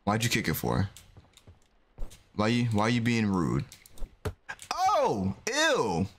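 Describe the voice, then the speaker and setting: A man casually commentating a game he is playing, animated and exclaiming as he reacts. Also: on the low side, a little slow. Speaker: gaming video host. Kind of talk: casual let's-play commentary.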